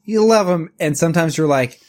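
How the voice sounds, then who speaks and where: A man's voice: a little high, lively intonation, brisk, darkish tone. Rambling, profane podcast co-host man. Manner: rambling, profane, laughs easily. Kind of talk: casual chat.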